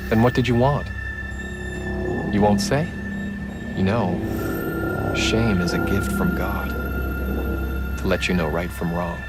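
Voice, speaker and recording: An actor playing a soft-spoken, controlling male priest in a video game, coaxing and quietly menacing. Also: sits low, steady tone, slow pace, long pauses, loud music behind the voice. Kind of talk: video game cutscene acting.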